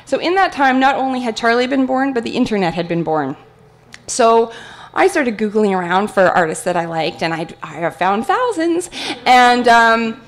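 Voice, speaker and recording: A woman giving a talk, telling a personal story in a chatty, animated way with many fillers. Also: fairly high pitch. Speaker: guest speaker at an art talk.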